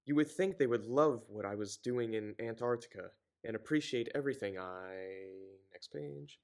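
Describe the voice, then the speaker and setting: A man reading a novel aloud, often stumbling, correcting himself and breaking off with sarcastic commentary. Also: mid-range voice. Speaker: reader and commentator.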